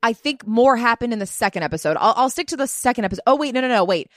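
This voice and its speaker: A woman's voice: fairly high pitch, lively intonation, rapid-fire, no room sound, clean studio sound. A young woman co-hosting a podcast in casual chat, dramatic and exclamatory as she recaps scenes. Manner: dramatic, exclamatory, quotes characters. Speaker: podcast co-host.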